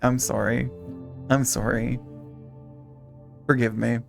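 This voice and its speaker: A male streamer chats playfully and reads game text aloud in a gravelly voice. His pitch is middling. Soft music plays faintly underneath. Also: little pitch movement, slow. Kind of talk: casual game livestream chat.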